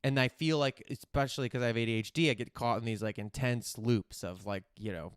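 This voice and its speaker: A man's voice: mid-range voice, fairly quick, clear, resonant tone, no echo, clean studio sound. A man hosting a podcast, chatting in a rambling, candid way and swearing casually. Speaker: podcast host. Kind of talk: casual chat.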